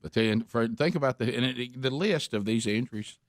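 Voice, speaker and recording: A man's voice: mid-range voice, quick pace, no room sound. A man hosting a casual radio talk show, rambling and chuckling, with lots of false starts.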